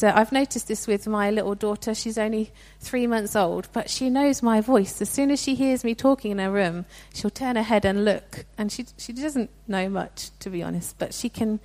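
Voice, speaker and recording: A woman's voice: medium pitch, a little mellow. A young woman giving a sermon in a conversational, earnest way, with frequent restarts. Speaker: preacher.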